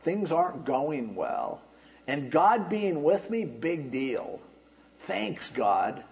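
A man's voice: on the high side, very animated, slow pace, gravelly, a little mellow, exaggerated voice. A man preacher voicing a doubting young Israelite farmer, sarcastic and complaining to God. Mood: sarcastic complaint.

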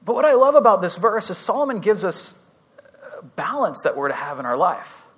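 A man's voice: high-pitched, sing-song, brisk, a bit bright, slightly rough. A young man preaching as a youth pastor, telling a personal story in a casual, chatty, self-deprecating way with frequent restarts. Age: young adult. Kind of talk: sermon storytelling.

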